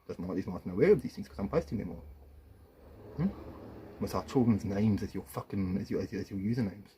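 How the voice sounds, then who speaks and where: A man's voice: on the low side, quick pace, warm tone, a little hiss or hum. A man, an estranged father, delivering an angry, profane video rant with accusations, swinging between muttered asides and raised confrontation.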